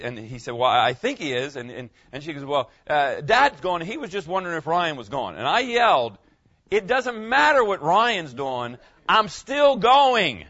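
A man's voice: on the high side, fairly bright tone, muffled recording. A middle-aged male pastor preaching in a conversational way, often checking in with "okay?" and restarting his words. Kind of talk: sermon.

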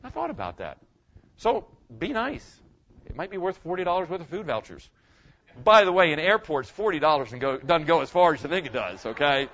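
A man's voice: sits high, very animated, moderate pace, fairly bright tone, highs cut off. A man preaching a sermon as pastor, telling folksy stories and repeating his point straight to the congregation. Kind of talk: storytelling sermon.

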